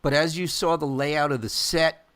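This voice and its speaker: A man's voice: on the high side, steady tone, moderate pace, fairly bright tone. A man hosting a podcast interview, speaking earnestly and emphatically and turning to address his listeners directly. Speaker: podcast host.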